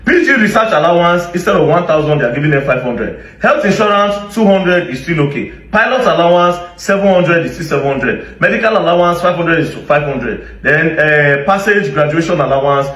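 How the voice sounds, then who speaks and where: A combative Nigerian man rants in sarcastic commentary, his fairly high voice swinging widely up and down. He sounds set back from the mic in an echoey room. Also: expressive, a little fast, hardly any pauses, fairly bright tone, recorded from a distance. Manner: sarcastic, combative, full of rhetorical questions. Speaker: social media commentator. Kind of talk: ranting commentary to camera.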